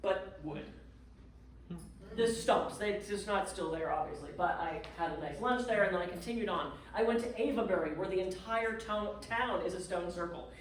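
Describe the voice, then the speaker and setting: A woman's voice: mid-range voice, normal speed. A woman guest speaker telling a dramatic, self-mocking story to a live audience at a clubhouse event. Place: community clubhouse event room. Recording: echoey room, far from the mic.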